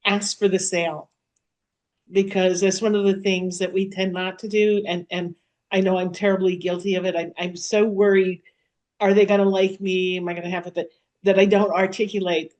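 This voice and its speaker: A woman's voice: medium pitch, flat delivery, moderate pace, darkish tone. A woman in a webinar discussion, candid and self-deprecating, urging listeners to be direct. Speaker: webinar participant.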